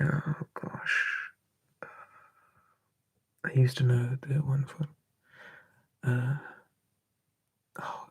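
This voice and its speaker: Brief: a man for a whispered ASMR live stream, soft, relaxed, husky whisper. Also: medium pitch. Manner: soft unvoiced whisper, relaxed, answering chat.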